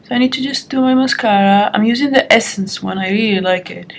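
A woman's voice: medium pitch, fairly quick, creaky. A young woman vlogging frankly and chattily as she does her makeup at home, recorded on the compact camera's built-in mic. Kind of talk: get-ready-with-me advice vlog.

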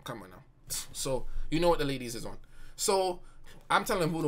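Animated young man telling a story. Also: medium pitch, a little fast. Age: young adult. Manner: animated, slangy, often bursting into laughter. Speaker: live streamer. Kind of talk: casual storytelling on stream.

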